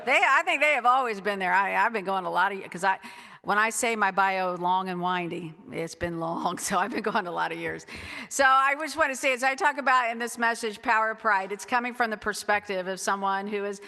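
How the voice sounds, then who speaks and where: A middle-aged woman pastor delivers a chatty, exuberant sermon in a bright, forceful voice. Her words ring out in a reverberant church hall. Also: medium pitch, a little fast. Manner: exuberant, chatty, whoops and laughs often. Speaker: guest pastor. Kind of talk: lively conversational sermon. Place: church sanctuary.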